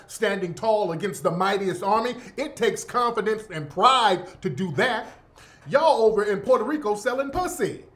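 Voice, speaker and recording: A man's voice: sits high, fairly bright tone. A man hosting a radio show, mocking and ranting sarcastically, profane and cutting. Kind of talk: commentary on a played clip.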